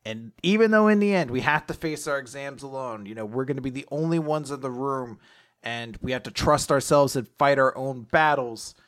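A man's voice: mid-range voice, moderate pace, fairly bright tone. A young man hosting a podcast, casually and chattily recapping a comic chapter. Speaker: podcast host.

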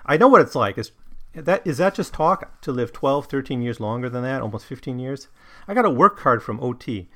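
A man's voice: medium pitch, expressive, brisk, pushed and bright, voice pushed up. A man reading aloud the lines of a proud, opinionated middle-aged Italian ex-soldier, in a plain voice with no put-on accent. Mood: earnest.

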